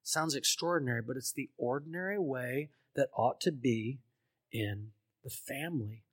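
A man preaching a sermon, telling a parable and acting out its voices, swinging from loud pleading to hushed tones and questioning his listeners. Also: medium pitch, normal speed, husky. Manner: asks the congregation questions. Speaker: pastor.

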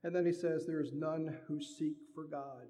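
Male preacher, conversational sermon delivery, dark mellow tone, long hall reverb. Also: on the high side, steady tone, normal speed. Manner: conversational preaching, acts out everyday dialogue.

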